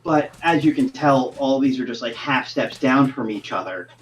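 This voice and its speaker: A man's voice: mid-range voice, expressive, moderate pace, poor audio. A man who is a voice actor and game master, explaining his craft earnestly in a podcast interview.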